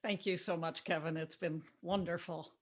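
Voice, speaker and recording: A woman author speaking as an interview guest, talking in a warm, thoughtful way and laughing easily. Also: on the low side, steady tone, moderate pace. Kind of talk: casual interview chat. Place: Florida.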